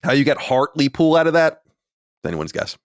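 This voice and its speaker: A man's voice: a little high, very animated, brisk, smooth, no echo, studio quality. A man in his late thirties or forties hosting a podcast, chatting in a casual, self-deprecating way. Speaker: podcast host. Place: home studio.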